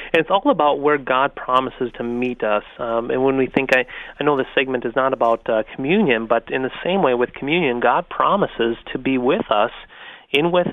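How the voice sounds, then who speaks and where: A man's voice: mid-range voice, no echo. A man, a pastor, earnestly explaining his faith on a radio talk show. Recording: tinny phone-like radio line.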